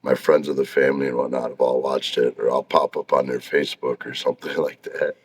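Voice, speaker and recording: A man with a very deep, low voice, chatting as a podcast guest in a laid-back, self-deprecating way with frequent chuckles. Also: flat delivery, fairly quick, husky. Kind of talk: casual chat. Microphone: livestream video call.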